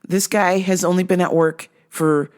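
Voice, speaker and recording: A woman's voice: on the low side, fairly even intonation, normal speed, a little mellow. A woman podcast host and business owner telling a story as a casual, profane, exasperated rant.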